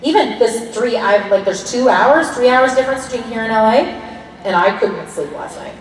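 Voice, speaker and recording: A woman's voice: fairly high pitch, animated, moderate pace, a little hiss or hum. Chatty woman in an echoey hall. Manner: chatty, candid, laughs often, swears casually. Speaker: convention panel guest. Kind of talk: casual convention Q&A chat. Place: large convention hall. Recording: echoey hall, distant mic, faint ambience.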